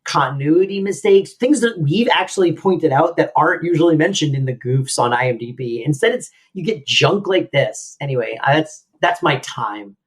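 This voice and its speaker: A woman's voice: sits low, expressive, normal speed, hardly any pauses, husky. A woman from Florida co-hosting a podcast, chatting casually and ranting in exasperation about a sitcom. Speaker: podcast co-host. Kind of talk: casual chat recapping a sitcom.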